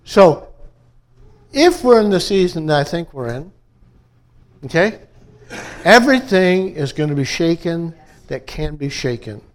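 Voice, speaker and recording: A pastor from upstate New York, with a fairly high-pitched, expressive voice, preaches a conversational sermon to his church at a measured pace with long pauses. He often checks in with the congregation by asking "okay?" and "amen?".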